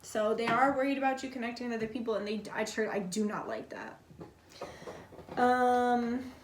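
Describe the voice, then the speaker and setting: A fairly high-voiced woman talks her way through a casual tarot reading in a loose, blunt way, cursing without a second thought. Her voice bounces around an echoey room. She sits a little back from the mic. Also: animated, normal speed, far from the mic, slight background noise. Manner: chatty and blunt, swears freely, many fillers like "like". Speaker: tarot reader.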